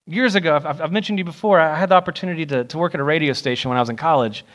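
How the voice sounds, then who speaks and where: Young male pastor, lively preacher, slightly higher voice, dramatizes quotes, church sermon. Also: racing. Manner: animated, acts out quoted voices with rising pitch. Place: church sanctuary.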